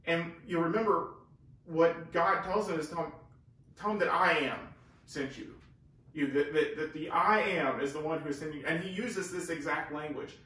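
A man's voice: a little high, moderate pace, pushed and bright. A man teaching the Bible in a casual, earnest way, explaining and leaning hard on key words. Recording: very echoey room, far from the mic.

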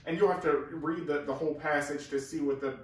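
A man's voice: a little high, fairly even intonation, brisk. A man teaching the Bible in a casual, earnest way, explaining and leaning hard on key words. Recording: very echoey room, far from the mic.

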